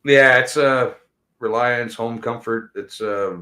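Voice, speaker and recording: A man with a middle-pitched voice venting in a profane, blunt rant. He swears hard and talks over his grievances with rising anger. It sounds like a casual podcast chat. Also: slow, bright, forceful tone. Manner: blunt, angry ranting with heavy swearing. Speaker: podcast co-host.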